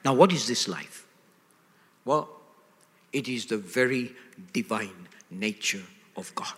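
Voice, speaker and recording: A man's voice: lowish voice, animated, takes it slowly, a bit bright, a little hiss or hum. An older man preaching a sermon emphatically, checking in with his listeners through call-and-response questions. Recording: echoey hall.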